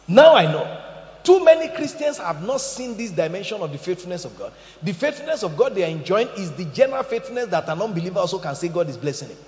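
A high-voiced man preaching with a lively, swooping delivery, from shouts down to near-whispers. His voice rings through a large echoing church hall with a long tail. The sound is slightly muffled. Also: fast. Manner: animated preaching, swings from shouting to hushed. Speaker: pastor. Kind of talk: sermon.

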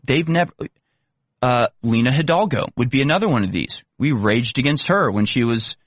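A man's voice: mid-range voice, lively intonation, moderate pace, no echo. Sarcastic ranting male commentator. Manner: sarcastic, ranting, rhetorical questions. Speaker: commentary show host. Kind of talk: opinion commentary.

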